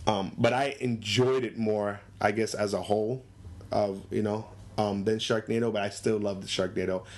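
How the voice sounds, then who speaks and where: Animated man acting out scenes. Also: normal speed. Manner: animated, acts out characters in high voices, laughs often. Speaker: movie discussion co-host. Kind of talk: casual chat.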